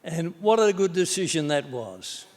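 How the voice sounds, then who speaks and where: A man's voice: fairly high pitch, very animated, unhurried, a little mellow, slight background noise. An older Australian man, a former minister, giving a blunt, folksy and jokey tribute speech at an award ceremony. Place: large ceremony hall. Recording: long hall reverb.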